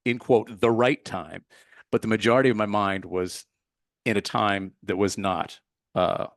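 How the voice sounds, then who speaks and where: A man with a fairly low voice tells an earnest, reflective story as a podcast guest. He often searches for the right word as he goes. The sound is dry and close, with no room in it. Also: steady tone, a little slow, no echo. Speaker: meditation teacher, podcast guest. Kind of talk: casual interview storytelling.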